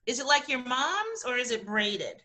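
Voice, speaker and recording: A middle-aged woman guesting on a podcast, her voice bright and sitting a touch high. She talks in an encouraging, complimentary way, upbeat and easy. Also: big pitch swings, moderate pace. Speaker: interview guest, talent agency founder. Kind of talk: casual interview chat.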